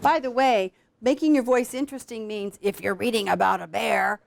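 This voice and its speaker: A woman teaching a class of students how to read aloud to young children, with an animated, coaxing teacher's voice. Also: fairly high pitch, moderate pace, vocal fry, hardly any pauses, a little hiss or hum. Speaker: literacy program founder teaching students.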